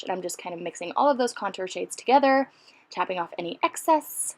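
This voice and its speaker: A woman's voice: mid-range voice, creaky. A woman narrating a casual makeup tutorial in a chatty, self-deprecating way, full of rambling asides. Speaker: beauty vlogger.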